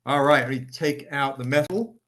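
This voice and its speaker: A man's voice: mid-range voice, moderate pace, a bit bright. A man hosting a casual live stream, chatty and upbeat, greeting viewers by name while selling comic editions. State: recovering, tired.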